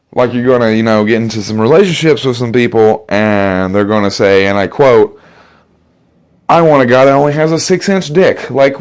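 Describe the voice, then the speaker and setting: A male stand-up comedian telling rambling, profane stories in a comedy set. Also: lowish voice.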